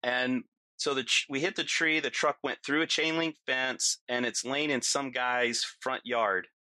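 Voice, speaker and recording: A man's voice: mid-range voice, fairly even intonation, unhurried, no echo. A middle-aged man, a podcast guest, telling a vivid story casually with lots of fillers. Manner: vivid, lots of fillers, acts out his own yelling.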